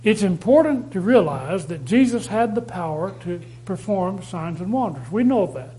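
A man preaching a sermon, reading scripture aloud and repeating key phrases slowly for stress. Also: high voice, lively intonation, dark tone, slight background noise, low-quality recording. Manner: reads scripture aloud with rising emphasis.

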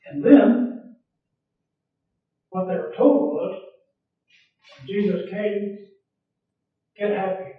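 A man's voice: high voice, lively intonation, very slow, pauses often. A man preaching a sermon, earnest and repeating his phrases for emphasis. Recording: echoey far-off church recording over a phone-like line.

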